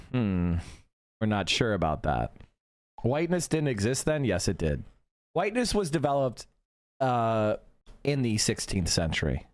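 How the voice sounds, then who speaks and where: A man's voice: medium pitch, dry recording, clean studio sound. A young man streaming, ranting emphatically and profanely and answering chat. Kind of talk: casual livestream commentary.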